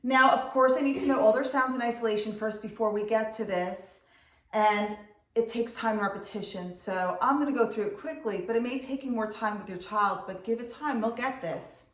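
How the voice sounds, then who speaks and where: A middle-aged woman, a reading tutor, patiently explaining and clearly sounding out syllables in an instructional video. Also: fairly high pitch, normal speed. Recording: echoey room.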